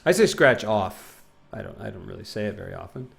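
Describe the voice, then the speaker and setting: Goofy gravelly young man streaming. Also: on the low side, sing-song, a little fast, slight background noise. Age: 20s. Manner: goofy, rambling, reads chat aloud, breaks into silly sing-song bits. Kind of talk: casual live-stream chat while gaming.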